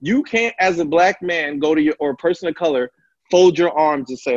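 A husky-voiced man, a pastor, speaks candidly in conversation, getting louder and higher when he presses a point. The recording is dry and a little dull. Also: brisk, no echo. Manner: impassioned, rising loud and high when stirred.

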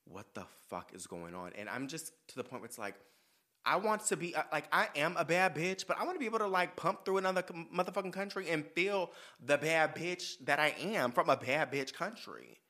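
A man from the United States hosting his own podcast, talking in a sassy, profane and animated way. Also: fairly high pitch, a little fast. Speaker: podcast host. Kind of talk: casual monologue.

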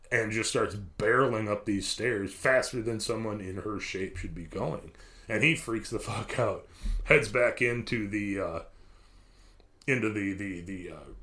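Low-voiced man telling a rambling story. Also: a bit bright. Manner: rambling, profane, restarts sentences. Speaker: podcast host telling a story. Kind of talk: casual storytelling.

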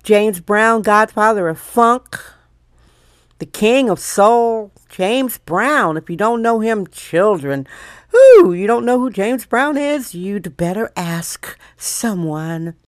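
An older woman from Wisconsin hosting her own podcast, chatting in a playful, theatrical way with big swoops in pitch. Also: lively intonation, slow, no echo, clean studio sound. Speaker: podcast host. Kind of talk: casual solo podcast monologue.

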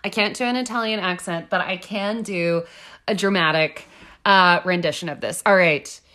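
A woman co-hosting a podcast in casual chat, reacting with animated exclamations. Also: lowish voice, normal speed. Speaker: podcast co-host.

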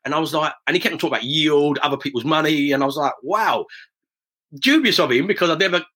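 Fast-talking, bright-voiced man. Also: on the high side, breathy edge. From south-east England, near Romford. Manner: lively anecdotal, acts out quoted voices. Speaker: property investor, guest. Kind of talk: casual storytelling interview.

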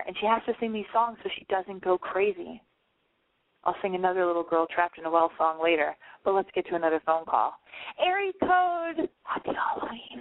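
A woman with a medium-pitched voice hosts a call-in show, chatting in a rambling, blunt, casual way as she gives advice and banters. The audio is dry, with no room sound, and has a tinny, phone-like quality.

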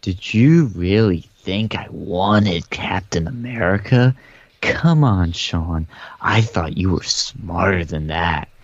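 A man's voice: low-pitched, lively intonation, slow, heavily acted. A man putting on the voice of a smug, scheming young club president who talks down to him, with dull lo-fi audio. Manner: gloating, condescending.

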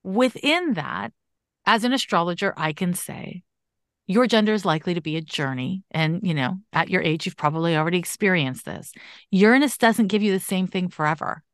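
An astrologer who hosts a podcast gives a conversational astrology reading, emphatic and animated, with casual swearing. Her voice is lowish at a moderate pace, and the recording is dry.

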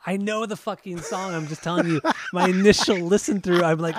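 A man's voice: high voice, fast talker, hardly any pauses. A man co-hosting a casual music podcast, rambling and swearing freely, laughing often. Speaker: podcast co-host.

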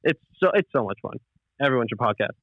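A young podcast host chats casually, rambling in a laid-back way with plenty of fillers and swearing. His medium-pitched voice is expressive and quick, and the muffled lo-fi audio has no room sound.

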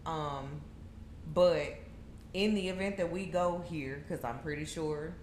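Low-voiced blunt woman, echoey room. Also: slow, a little mellow. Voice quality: blunt, matter-of-fact advice. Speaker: guest. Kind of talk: casual chat. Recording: echoey room with faint noise.

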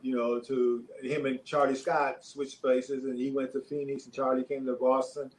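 An older man, a former pro basketball player, telling stories in a relaxed interview, rambling with many fillers and chuckles. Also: medium pitch, normal speed, poor audio. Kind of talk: casual interview storytelling.

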